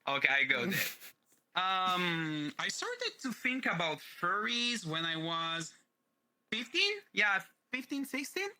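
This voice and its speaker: A man with a French accent talks in a very bright, sharp tone, his voice sitting a little high. He chats casually and playfully as an interview guest, loose and unfiltered. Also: sing-song, a little slow, low-quality recording. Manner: playful, shifts his voice freely, swears casually. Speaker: guest streamer.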